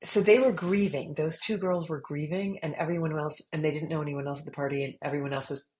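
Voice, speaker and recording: A middle-aged woman, an author being interviewed, telling stories in a lively, laughing way that jumps high when she gets worked up. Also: fast, poor audio. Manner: animated, laughing storyteller, squeals when retelling. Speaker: author guest. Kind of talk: casual storytelling interview.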